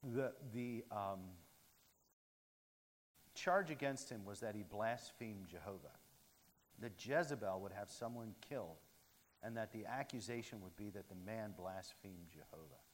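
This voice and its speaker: Lowish man preaching in an echoey hall. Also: animated, unhurried. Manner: conversational, musing, many fillers and restarts. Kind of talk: sermon. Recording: reverberant hall.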